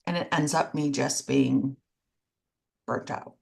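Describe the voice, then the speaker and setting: A woman's voice: very deep voice, fairly even intonation, slow pace, vocal fry, darkish tone. A woman co-hosting a podcast, speaking candidly about herself with self-deprecating humor and dry sarcasm in casual conversation. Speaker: podcast co-host. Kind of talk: casual chat.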